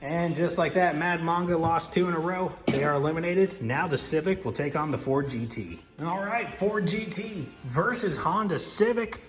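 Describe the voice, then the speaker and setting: A man hosting diecast car races, giving excited sports-style race commentary and calls. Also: on the high side, moderate pace. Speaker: diecast racing host. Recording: echoey room with music.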